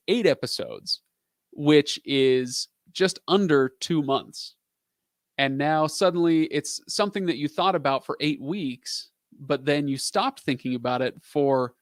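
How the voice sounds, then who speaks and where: A man's voice: a little high, dry recording, studio quality. A man in his thirties hosting a casual live stream, answering viewer questions in a rambling, chatty way with lots of fillers.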